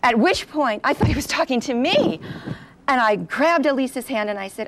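A middle-aged woman recounts a personal story for an interviewer. Her voice is slightly high with a gravelly fry, and she brings it to life by acting out the people she quotes. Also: lively intonation, moderate pace, a little hiss or hum. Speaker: interview guest. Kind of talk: personal testimony.

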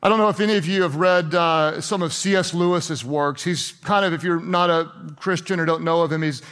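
A pastor with a high voice for a man delivers a sermon like a chat with his congregation. He fires questions at the crowd and slips into playful sarcasm. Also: fairly even intonation, brisk, fairly bright tone, clean tone.

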